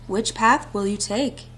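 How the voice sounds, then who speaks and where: A woman reading as a hushed lake fairy. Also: on the high side, slight background noise. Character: calm mysterious lake fairy spirit offering aid. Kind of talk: reading visual novel dialogue aloud.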